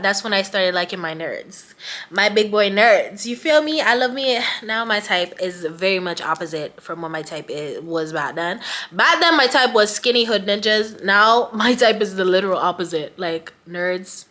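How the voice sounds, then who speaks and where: Young woman, casual storytime, chatty, slangy, animated, bright tense voice. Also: mid-range voice, normal speed.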